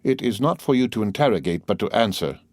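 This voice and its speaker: Guy doing a cold stern magistrate, calm and scornful, lowish voice, dry audiobook. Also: quick pace, no room sound, natural voice. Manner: calm, contemptuous interrogation. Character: cold stern male magistrate, accusing husband. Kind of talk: audiobook character voice.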